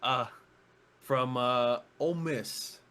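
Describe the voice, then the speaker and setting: A young man co-hosting a sports podcast in casual chat, dry and sarcastic, often answering with short low remarks. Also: slow, pushed and bright, clear, resonant tone. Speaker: podcast co-host.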